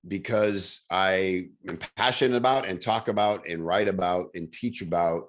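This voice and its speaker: Enthusiastic deep-voiced male host. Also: moderate pace. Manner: enthusiastic, rambling with fillers. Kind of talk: casual video-call chat. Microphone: video call.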